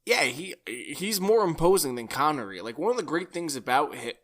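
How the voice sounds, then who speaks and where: Bright-voiced, chatty male podcast co-host. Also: on the high side, very animated, moderate pace. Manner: enthusiastic, chatty, jumps in with details. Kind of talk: casual film discussion.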